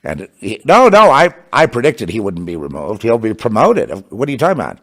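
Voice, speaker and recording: A man gives an impassioned religious monologue in a fervent, mocking tone. His pitch swings widely from low mutters up to high, scornful exclamations, around a middle-range voice. He often breaks into derisive laughter. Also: huge pitch swings, brisk, fairly bright tone. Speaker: religious commentator.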